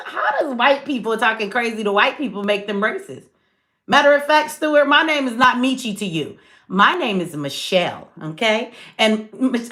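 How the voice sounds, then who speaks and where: A woman's voice: medium pitch, lively intonation, normal speed, a bit bright. A woman hosting a casual livestream, blunt, sarcastic and profane, talking straight to her chat. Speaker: livestream host.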